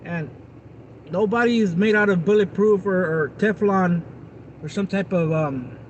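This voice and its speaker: Streamer type: man with a high voice, chatty and rambling, talking straight to his viewers outdoors, faint traffic behind. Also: unhurried, lo-fi sound. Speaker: live streamer. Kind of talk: casual livestream chat with viewers.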